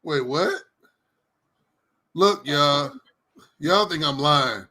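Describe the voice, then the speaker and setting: A man's voice: on the high side, extremely slow, pushed and bright. A man co-hosting a casual sports podcast, joking and laughing often. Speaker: co-host.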